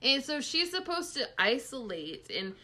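A woman co-hosting a casual reality-TV recap podcast, indignant and quick to laugh. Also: high voice, sing-song, sharp tone. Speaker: podcast co-host.

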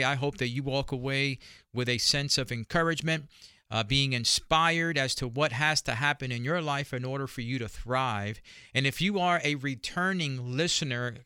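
Male radio host with an accent, encouraging and upbeat, bright and smooth-toned, dry studio sound. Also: mid-range voice, no echo. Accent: noticeable accent. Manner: upbeat, encouraging, repeats his appeals. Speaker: radio talk show host. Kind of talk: radio talk show monologue.

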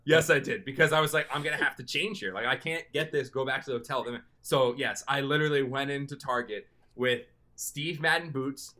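Bright-voiced young man telling a story. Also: medium pitch, brisk, few pauses. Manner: animated, jumps into excited quoted self-talk. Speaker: podcast co-host. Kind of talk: casual storytelling.

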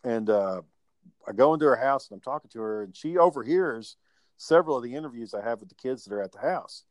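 A man tells a long story from his old job in relaxed, profane chat, speeding up and slowing down as he acts out everyone's lines. His voice sits at a middle pitch, and the recording is close and dry, with almost no room sound. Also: no room sound. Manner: profane, animated storytelling with acted quotes. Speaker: podcast guest telling work stories. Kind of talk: casual chat.

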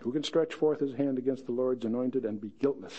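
A man's voice: mid-range voice, brisk, lo-fi sound. A man teaching verse by verse through a Bible passage, chatting with joking asides and reading the scripture quotes dramatically.

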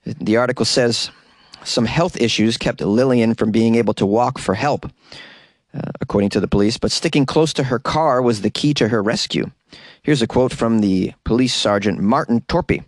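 A man hosting a comedy news podcast, delivering stories with wry asides and mock exasperation. His voice sits at a middling pitch, and the recording is very dry, made in a closet. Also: normal speed, no room sound.

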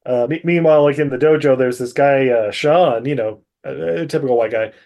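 A man's voice: mid-range voice, a little fast, a little mellow. Rambling man recapping a movie. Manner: rambling with frequent fillers and laughs. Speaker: podcast co-host. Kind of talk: casual movie recap chat.

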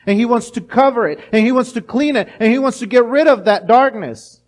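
A middle-aged male pastor preaching a sermon, animated, acting out little voices and restarting his words often. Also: very high-pitched, fairly quick.

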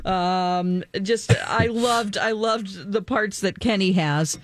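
A woman's voice: medium pitch, slow pace, no echo. A woman co-hosting a morning show in casual chat, enthusiastic and upbeat.

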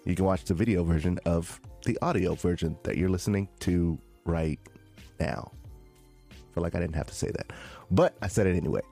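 Deep-voiced laid-back podcast host. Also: male voice, moderate pace, gravelly, warm tone, faint music behind. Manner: laid-back, rambling with fillers. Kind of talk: casual podcast chat.

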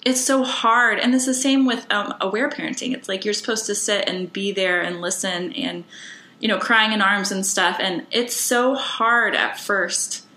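A woman's voice: mid-range voice, normal speed, bright, forceful tone, roomy sound, low-quality recording. A woman hosting a podcast, chatting casually in a rambling way with lots of fillers. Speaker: podcast host. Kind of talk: casual interview chat.

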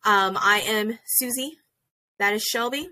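A woman co-hosting a podcast, chatting in a bubbly, excitable way. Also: mid-range voice, measured pace, slight background noise. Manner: bubbly, exclaims and restarts often. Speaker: podcast co-host. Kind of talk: casual podcast chat.

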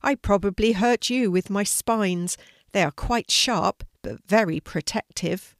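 A woman voicing a startled but kindly male hedgehog in a children's story, in a squeaky, high voice. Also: a little slow, dry recording, studio quality, close to an everyday voice.

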